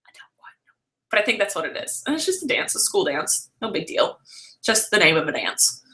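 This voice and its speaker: Bright, chatty young woman vlogger. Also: mid-range voice, big pitch swings, whispered. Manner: chatty and rambling, heavy use of "like", quick self-corrections. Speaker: vlogger hosting a live stream. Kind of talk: casual live-stream chat answering viewers.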